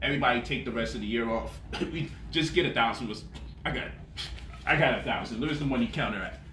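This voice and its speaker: A man hosting a lively talk about money, boasting, laughing and swearing freely, and mocking his critics in quoted voices. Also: medium pitch, quick pace, echoey room, a little hiss or hum. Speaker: host. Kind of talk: animated livestream talk.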